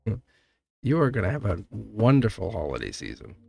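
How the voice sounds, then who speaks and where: A man giving a live tarot reading, animated, laughing often and talking straight to his viewers. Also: on the low side, a little fast, vocal fry, breathy edge, dry recording, soft background music. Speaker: tarot reader.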